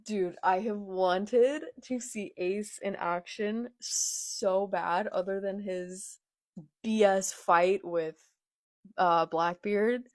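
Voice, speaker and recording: A woman reading a manga live and reacting, excitable and gushing, with gasps and exclamations, reading character lines aloud plainly. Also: mid-range voice, slow pace, no echo, clean studio sound. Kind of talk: live read-along reaction.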